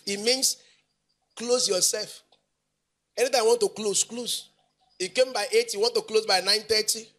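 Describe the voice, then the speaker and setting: This Nigerian male pastor delivers an emphatic, sing-song sermon, repeating lines and asking his congregation questions. He speaks in a high, slightly bright voice with a steady tone, at a moderate pace, pausing often.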